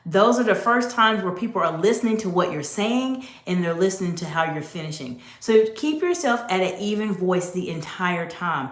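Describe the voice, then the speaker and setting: A woman's voice: on the low side, animated, normal speed, few pauses. Emphatic woman coach, roomy echo. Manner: direct, emphatic, addresses the viewer. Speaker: executive communication coach. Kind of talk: instructive coaching talk to camera.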